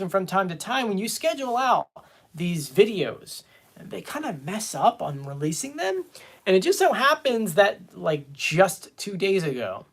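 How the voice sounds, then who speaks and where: A man's voice: sits high, fairly bright tone. A man hosting a casual live stream, chatting and reading viewer comments aloud. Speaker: fan show host.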